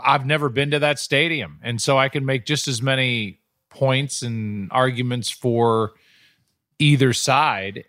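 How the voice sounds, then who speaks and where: Guy co-host chatting about his busy schedule, kinda rambly, mid pitch, dry mic. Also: fairly bright tone, no echo. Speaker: sports commentator and podcast co-host. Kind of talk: casual chat.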